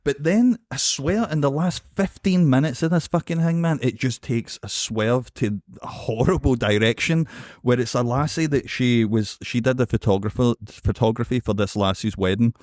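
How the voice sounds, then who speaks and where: A man with a Scottish accent co-hosting a podcast, telling a story in an animated, sweary way and checking in with "right?". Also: mid-range voice, normal speed, hardly any pauses, dry recording, studio quality. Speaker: podcast co-host. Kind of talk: casual chat.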